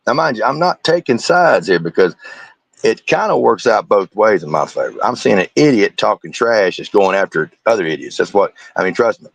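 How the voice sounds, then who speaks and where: A man's voice: lowish voice, animated, a little fast, creaky, slightly rough, no echo. A man doing crude, mocking commentary as a streamer, ranting sarcastically about other online personalities. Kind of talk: profane reaction commentary.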